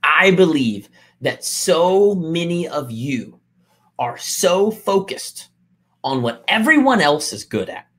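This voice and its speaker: Animated man giving a motivational talk. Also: fairly high pitch, takes it slowly. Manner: emphatic, repeats key lines, acts out quotes.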